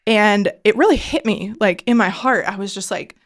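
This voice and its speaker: A woman's voice: medium pitch, moderate pace, few pauses. Earnest woman telling a faith story. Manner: earnest, filler-heavy storytelling, often dropping to a hushed voice for quoted prayers. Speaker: podcast guest. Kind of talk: emotional personal faith story.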